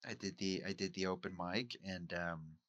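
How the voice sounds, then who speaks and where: A man's voice: low-pitched, fairly even intonation, normal speed, a bit bright, dry recording, muffled recording. A man from Mexico who hosts a podcast and does stand-up, talking through his week in a reflective solo monologue, musing and candid. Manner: musing, self-questioning, candid. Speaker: podcast host and amateur stand-up comic.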